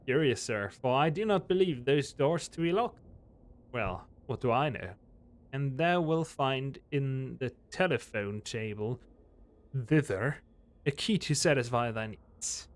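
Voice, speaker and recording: A man's voice: medium pitch, expressive, close to an everyday voice. A man voicing a formal, courtly landlord who talks in archaic old-fashioned phrases. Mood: courteous. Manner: archaic formal speech, measured and slow. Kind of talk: live game-stream voice acting.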